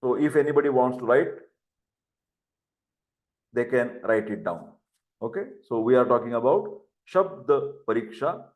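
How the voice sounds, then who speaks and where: An older man with an Indian English accent gives a classroom lecture in a medium-pitched, darkish voice, recorded in an echoey room. He repeats key terms and spells words aloud for students to write down.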